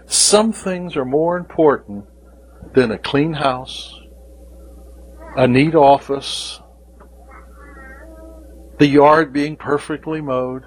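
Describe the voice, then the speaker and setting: A man's voice: fairly high pitch, slow pace, pauses often, breathy edge, low-quality recording. A man preaching a devotional sermon, speaking in an emphatic way and repeating key phrases.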